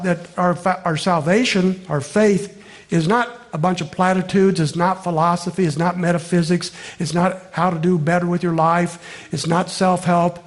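A male pastor preaching a sermon, emphatic, repeating key phrases, asking rhetorical questions and slowing down to stress his points. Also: sits high.

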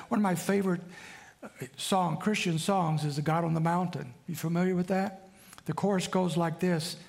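A man's voice: a little high, creaky, a little mellow. A man preaching a sermon in a conversational way, often asking the congregation for responses. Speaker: pastor.

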